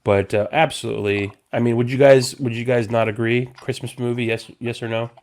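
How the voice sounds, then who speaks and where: A man's voice: medium pitch, flat delivery, fairly quick, a little mellow. A man in his thirties, slightly drunk and slurring, rambling with restarts as a casual podcast host. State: tipsy, slurring. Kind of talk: casual chat.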